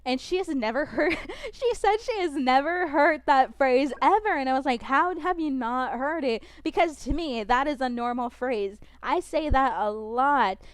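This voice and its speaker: A young woman streaming a game, talking fast and expressively, rambling with lots of fillers and restarts. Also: high-pitched, animated, no room sound. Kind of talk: casual chat while gaming.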